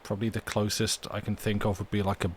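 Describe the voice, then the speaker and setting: A man talks casually to his live-stream chat in a somewhat low voice. He rambles, stops to restart his sentences, and breaks into small chuckling asides. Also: monotone, quick pace, slight background noise. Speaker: streamer reading stories aloud.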